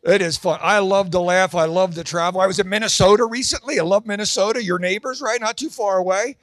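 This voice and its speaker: At a church fundraiser gala, an older man who has grandchildren does stand-up, slipping in quick asides and squeaking out high character voices. There's no echo, and his tone is fairly bright.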